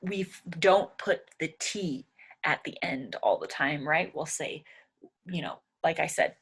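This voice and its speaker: Young woman english teacher, slow and patient, says each word over and over. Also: sits low, expressive, fairly bright tone, breathy edge. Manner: slow, patient, repeats each word aloud several times. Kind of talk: pronunciation lesson.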